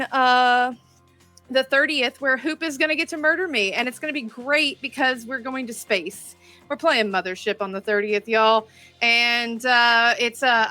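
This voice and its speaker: Bright, bubbly woman gamer. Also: a little high. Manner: bubbly, rambling, swears casually. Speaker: player and streamer. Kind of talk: casual sign-off chat.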